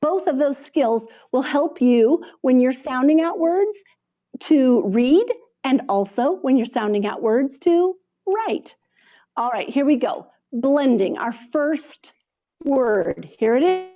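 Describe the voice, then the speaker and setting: Woman reading teacher, slightly high and warm, unhurried sound-by-sound phonics demo with steady praise. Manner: slow, drawn-out sounding out of words with frequent praise. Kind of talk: modeling a phonics lesson for kids. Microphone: video call.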